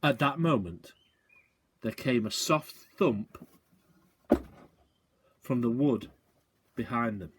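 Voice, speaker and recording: Male teacher, storybook reading, expressive with asides, animated delivery. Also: medium pitch, takes it slowly, pauses often, a little hiss or hum. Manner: expressive, adds short asides to listeners. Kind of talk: reading a children's book aloud.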